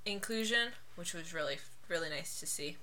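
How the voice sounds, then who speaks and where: A woman's voice: on the low side, lively intonation, moderate pace, pushed and bright, a little hiss or hum. A woman co-hosting a podcast in casual chat, rambling and laughing often. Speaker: podcast co-host.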